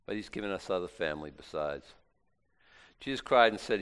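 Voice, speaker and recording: Male preacher, lower voice, emphatic, casual delivery with restarts. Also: expressive, fairly quick, long pauses, fairly bright tone, clear, resonant tone. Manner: emphatic, conversational, with frequent restarts. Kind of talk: sermon with scripture reading.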